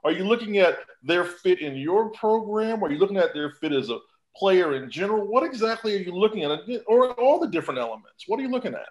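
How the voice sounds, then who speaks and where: A man with a high, lively voice that swings up and down co-hosts the podcast. He asks long, searching questions and drops a joking aside now and then. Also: fast talker, poor audio. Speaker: podcast co-host. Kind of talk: casual podcast chat.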